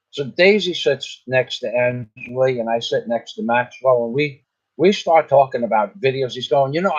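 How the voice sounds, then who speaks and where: An older man telling a long story in a casual, rambling way, often repeating himself and restarting his sentences. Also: mid-range voice. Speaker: vlogger. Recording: slightly dull lo-fi sound.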